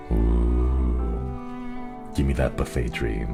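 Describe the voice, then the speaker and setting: A man's voice: very deep voice, little pitch movement, drawn-out words, vocal fry. A male streamer chatting casually, tender and giggly, easily moved. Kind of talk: casual live-stream chat. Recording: background music under the voice. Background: soft background music.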